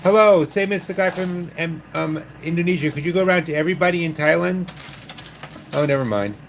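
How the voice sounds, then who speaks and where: A man's voice: a little high, fairly quick, vocal fry, a little hiss or hum. A man hosting a livestream from a gaming club, chatting casually and joking with viewers. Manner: wry, joking with chat. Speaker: livestream host.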